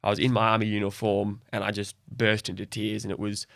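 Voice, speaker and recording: A man's voice: on the low side, monotone, fairly quick, vocal fry, no room sound, clean studio sound. A young Australian man speaking openly and reflectively as a guest in a podcast conversation. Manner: open, reflective, soft-spoken.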